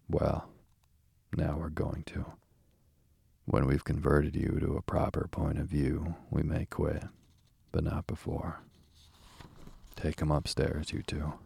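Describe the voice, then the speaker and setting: Give me a grave old badger in a sleepy bedtime storybook, read by a man, very deep and gravelly, dark and husky, close and dry. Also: no room sound, exaggerated voice. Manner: grave, measured scolding. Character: stern, solemn old male badger. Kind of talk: soothing bedtime storybook reading.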